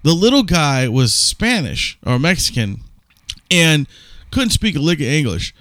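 A man's voice: a little high, very animated, a little slow, a bit bright, no echo. A man co-hosting a podcast, telling a long rambling story in casual chat with some swearing. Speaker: podcast co-host.

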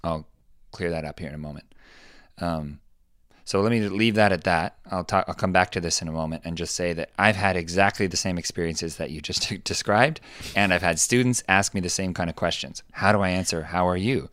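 A man hosting a podcast, talking things through in a relaxed, thoughtful way and acting out quoted lines with sudden pitch jumps. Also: fairly quick, no room sound, clean studio sound. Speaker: podcast host. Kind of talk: casual explanatory chat.

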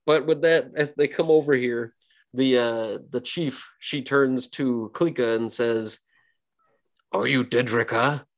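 A man's voice: medium pitch, unhurried. A man narrating as game master in a tabletop game, chatty and full of fillers.

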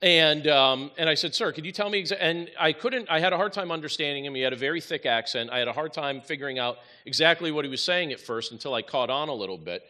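A pastor preaching a sermon, telling a story with lively asides and dry humor. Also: male voice, on the high side, fast, few pauses.

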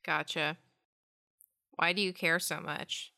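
Bright low-voiced woman player. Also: steady tone, slow pace, gravelly, no echo, clean studio sound. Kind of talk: casual chat.

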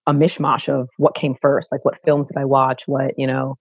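A middle-aged woman from Brooklyn with a low contralto voice, telling her stories expressively as a guest in a conversational interview. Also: normal speed, gravelly, dry recording. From Brooklyn, New York. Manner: expressive, animated storyteller who acts out quoted voices. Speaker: guest, actor and educator.

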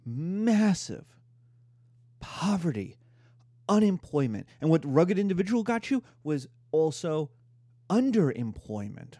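A middle-aged man giving a lively, emphatic history lecture. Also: on the high side, takes it slowly, no echo, studio quality. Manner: animated, emphatic, mimics voices in quotes.

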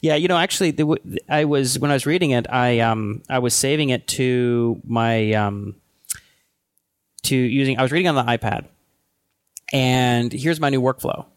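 A man co-hosting a casual tech podcast, thinking aloud in a loose, halting way with frequent restarts. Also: medium pitch, clear, resonant tone, dry recording, studio quality. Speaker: podcast co-host.

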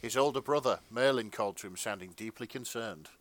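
A man's voice: medium pitch, fairly quick, a bit bright, no echo. A man hosting a podcast, reading fan fiction aloud with jokes and laughter. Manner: laughs often, breaks to joke. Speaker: podcast host, narrator.

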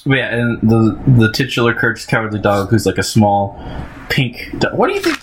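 A man's voice: on the low side, sing-song, moderate pace, slight background noise. A man in casual chat, recapping a cartoon episode in a rambling way with lots of fillers.

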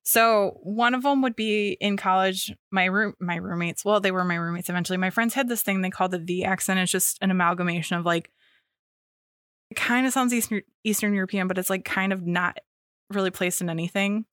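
A woman's voice: medium pitch, fairly even intonation, brisk, a bit bright, no room sound. Chatty young woman, dry close sound. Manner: chatty, lots of fillers and restarts. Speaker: podcast co-host. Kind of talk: casual chat.

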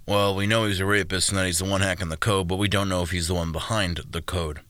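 A man narrating a storybook, voicing a male detective who talks in a brisk, matter-of-fact way. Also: low-pitched, fairly even intonation, a bit bright, dry recording.

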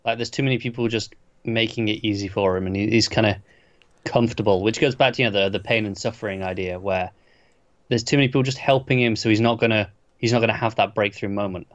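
A man's voice: on the low side, steady tone, fast, dry recording. A man chatting casually as a co-host, agreeing and adding his own take on an episode. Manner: agreeable, chiming in. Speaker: podcast co-host. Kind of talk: casual chat. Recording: dull lo-fi mic.

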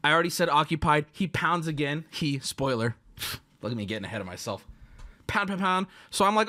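A man hosting a stream, telling a crude story in a loud, animated rant and acting out the other people in it. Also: a little high, brisk. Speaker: streamer host.

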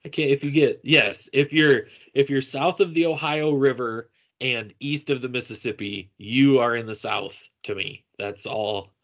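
A man's voice: medium pitch, measured pace, fairly bright tone. A man co-hosting a casual podcast, laughing often and restarting his sentences. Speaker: podcast co-host. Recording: dull lo-fi sound.

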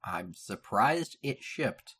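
A man's voice: mid-range voice, lively intonation, slow pace, pushed and bright, breathy edge. A man co-hosting a casual podcast, making dry, skeptical comments about the product. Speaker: podcast co-host.

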